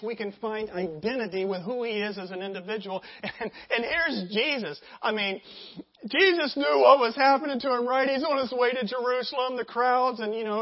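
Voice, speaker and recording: A pastor preaching in an animated, chatty way, with many asides and rhetorical questions to the congregation. The voice sits mid-range. The recording sounds slightly dull and lo-fi. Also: medium pitch. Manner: animated, conversational, acts out scenes. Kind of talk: sermon.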